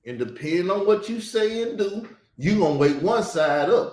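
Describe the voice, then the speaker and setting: A man's voice: sits high, lively intonation, normal speed, a little mellow, roomy sound. A man talking bluntly and heatedly in a casual chat, swearing often and stressing his words. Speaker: show host.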